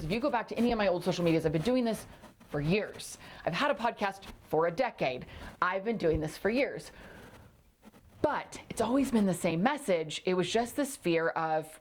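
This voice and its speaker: A woman's voice: on the low side, expressive, normal speed, a little hiss or hum. A woman hosting a motivational solo podcast, talking emphatically and repeating phrases for punch. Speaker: podcast host.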